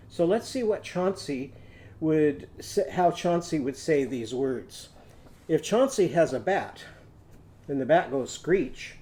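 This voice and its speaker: A man with a slightly raised, mellow voice teaches phonics to young children. He tells a story in a gentle sing-song way, then leads them through chants and hand motions. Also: fairly high pitch, a little hiss or hum. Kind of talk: children's phonics lesson with songs.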